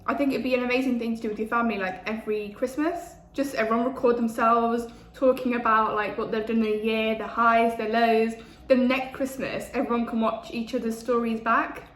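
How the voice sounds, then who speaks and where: A woman's voice: a little high, level tone, fairly quick, hardly any pauses. A woman, chatting casually between bites in a food vlog. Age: 20s. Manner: chatty, eating while talking. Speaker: food vlogger. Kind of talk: casual mukbang chat. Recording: echoey room with faint ambience.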